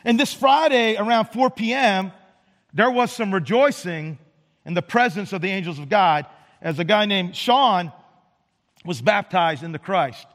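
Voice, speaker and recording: A man's voice: high voice, unhurried, fairly bright tone, long reverb tail. A male pastor preaching a sermon in a casual, conversational way, often repeating words and asking "right?". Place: church sanctuary.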